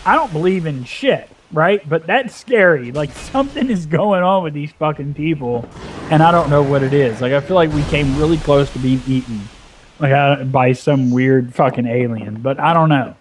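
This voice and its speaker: A young man spins a rambling, profane anecdote with lots of energy and filler, his voice sitting a bit higher than most men's. It sounds like an easygoing gaming chat with a faint hiss of background noise. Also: normal speed. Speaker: gaming video host. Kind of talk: casual storytelling chat.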